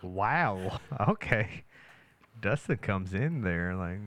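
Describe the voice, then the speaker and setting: A man in casual chat among friends, loud and profane, often cutting in with bursts of exclamation. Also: deep voice, expressive, takes it slowly.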